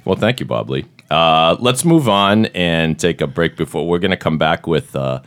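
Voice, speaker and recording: Very deep-voiced playful male podcast host. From Massachusetts. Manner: playful, jokey, quick bursts of excitement. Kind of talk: casual podcast chat.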